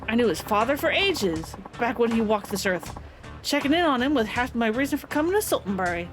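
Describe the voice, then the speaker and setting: A woman voicing a courtly old male martial arts master with measured, old-fashioned courtesy. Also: on the high side, sing-song, over music.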